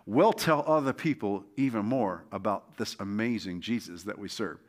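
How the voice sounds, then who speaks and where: A man's voice: lowish voice, normal speed. A man preaching a sermon as pastor, impassioned and exhorting, often urging his listeners on. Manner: impassioned, exhorting, repeats "come on" and "all right".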